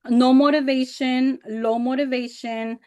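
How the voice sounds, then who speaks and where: A woman's voice: high-pitched, a little slow, smooth. A woman in her thirties presenting a teacher workshop over a video call, telling personal stories candidly and expressively, sometimes getting emotional. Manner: candid and expressive, acts out past remarks in animated voices; emotional when recalling hard times.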